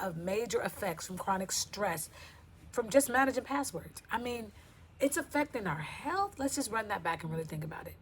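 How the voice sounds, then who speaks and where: A woman's voice: mid-range voice, slight background noise. A woman vlogger talking casually to camera, chatty and playful. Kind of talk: casual talk to camera with skits.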